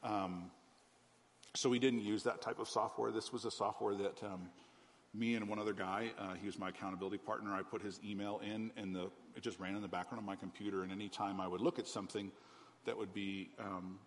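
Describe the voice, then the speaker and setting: A man's voice: on the low side, steady tone, brisk. A middle-aged man, a pastor, telling a personal testimony in a sermon, talking candidly and conversationally with many ums. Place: church auditorium. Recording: church hall reverb, faint ambience.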